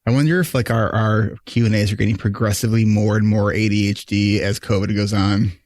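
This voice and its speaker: A man's voice: fairly low pitch, steady tone, fairly quick, darkish tone, dry recording, clean studio sound. A man hosting a podcast, giving advice in a loose conversational way, often asking "right?". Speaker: podcast host. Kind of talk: casual advice chat.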